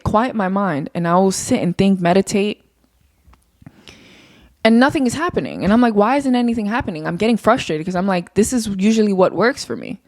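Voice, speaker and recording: A young woman talks through a solo podcast episode, unscripted and candid, drifting from thought to thought and swearing now and then. Her pitch sits in an ordinary middle range but jumps up when she gets worked up. The sound is dry and close, with no room around it. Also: darkish tone, dry recording. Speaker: podcast host. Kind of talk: casual solo podcast monologue.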